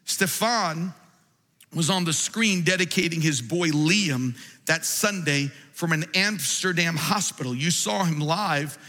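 A man preaching a sermon to his church, emphatic and rising to shouts. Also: fairly high pitch, slow pace, in a large hall. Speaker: pastor. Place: church sanctuary.

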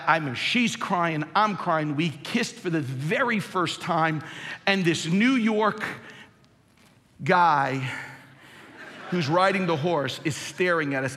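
A man in his forties preaching a sermon as pastor, emphatic and dramatic, dropping low and quiet for stories. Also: a little hiss or hum. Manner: emphatic preaching, swinging from loud highs to low storytelling. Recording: long hall reverb.

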